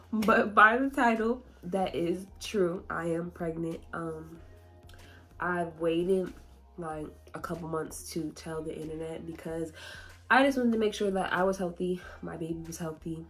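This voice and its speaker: A young woman talks casually to her viewers in a vlog. Her voice sits a little low, and she is chatty and emotional, often laughing and holding back tears. Faint music plays behind her. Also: steady tone, a little slow, fairly bright tone. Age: 20s. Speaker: YouTuber.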